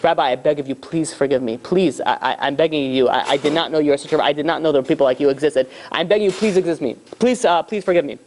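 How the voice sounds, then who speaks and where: Robber, adult man, voiced by a male preacher, urgent and pleading, fast delivery. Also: a little high, darkish tone, a little hiss or hum, lightly acted. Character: robber, adult man, violent then remorseful.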